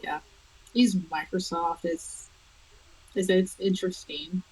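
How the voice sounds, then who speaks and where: A woman with a husky, slightly breathy voice talks through an interview as the guest author. She chats casually and animatedly, laughing often between thoughts. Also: on the low side, fairly even intonation, takes it slowly, darkish tone, low-quality recording.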